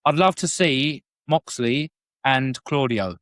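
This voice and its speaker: A man's voice: mid-range voice, takes it slowly, noisy background. A man co-hosting a wrestling podcast in casual chat, swearing freely and laughing often. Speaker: podcast co-host.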